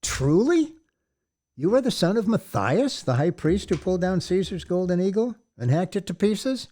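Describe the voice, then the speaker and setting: A man doing a rumbling, gentle giant messiah. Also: very animated, moderate pace, husky. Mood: warmly impressed. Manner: soothing, folksy, with occasional stern reprimand. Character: huge bearded shepherd messiah, gentle but commanding. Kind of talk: audiobook character voice.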